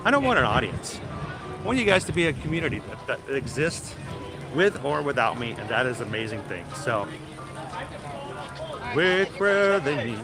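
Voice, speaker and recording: A man's voice: medium pitch, sing-song, brisk, over music. A man hosting a casual live stream outdoors at a theme park, chatting in an upbeat way and speaking straight to his viewers in the chat. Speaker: livestream host. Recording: noisy outdoor ambience.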